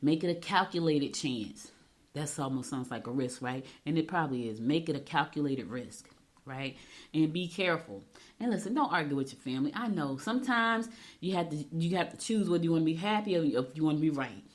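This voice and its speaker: A middle-aged woman hosting a horoscope segment, giving chatty advice and telling quick storytelling asides. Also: low-pitched. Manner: talks fast when excited. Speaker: radio show host. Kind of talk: casual horoscope segment with chat.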